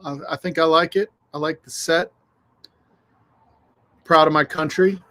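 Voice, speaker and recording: A man with a slightly higher voice hosts a relaxed livestream from outside on a breezy day. He talks in an easygoing, loose way, cursing now and then and calling out to his viewers one by one. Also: measured pace. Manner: laid-back, swears freely, greets viewers by name. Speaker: livestream host. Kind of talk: casual livestream chat. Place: outdoors on a windy afternoon.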